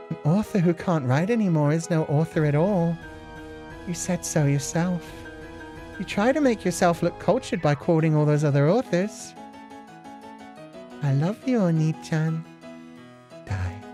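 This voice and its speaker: A woman's voice: low voice, animated, unhurried, pauses often, dark tone. A woman voicing a young sister in a visual novel, sweet on the surface and menacing underneath, with faint game music behind. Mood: cold, mocking. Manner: sweet yet menacing, calls him Oni-chan. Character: cold doting younger sister, girl.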